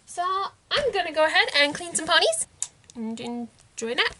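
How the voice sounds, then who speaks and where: Bubbly young woman showing off thrift toys, high voice, giggles a lot. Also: very animated, normal speed, bright, forceful tone, a little hiss or hum. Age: young adult. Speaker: vlogger. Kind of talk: casual toy haul vlog.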